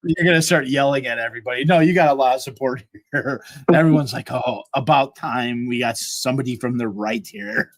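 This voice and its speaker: A man with a mid-pitched voice hosts a casual livestream chat. He is easygoing and keeps breaking into giggles, and his sound is dry and close to the mic. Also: brisk, no room sound. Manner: giggly, easygoing, keeps laughing between words. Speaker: host.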